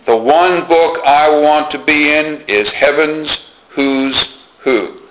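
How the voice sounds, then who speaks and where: A man's voice: on the high side, takes it slowly, noisy background. A man preaching a sermon as pastor, earnest, repeating key phrases and asking the congregation questions.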